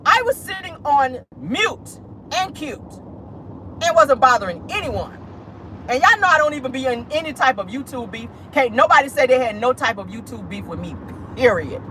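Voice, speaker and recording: Woman host doing petty, sassy commentary from her car, very animated voice, light outdoor hum. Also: high-pitched, normal speed. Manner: sassy, petty, talks straight to viewers with lots of "honey" and "y'all". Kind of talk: casual commentary vlog from a car. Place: parked car.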